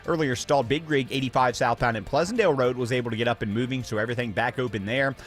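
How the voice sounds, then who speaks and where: A man reading a radio traffic report in a brisk, businesslike way. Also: mid-range voice, faint music behind.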